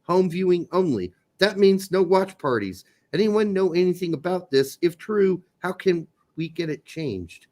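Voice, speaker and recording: Animated, profane man on a sports podcast. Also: high-pitched, measured pace, hardly any pauses. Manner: blunt, profane, opinionated, jokey. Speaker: podcast co-host. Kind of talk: casual sports podcast chat.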